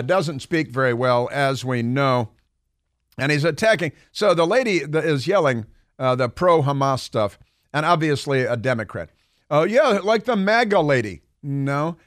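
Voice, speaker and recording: A man's voice: medium pitch, a bit bright, dry recording, clean studio sound. A man hosting a talk radio show, commenting in a sarcastic, mocking way with frequent restarts.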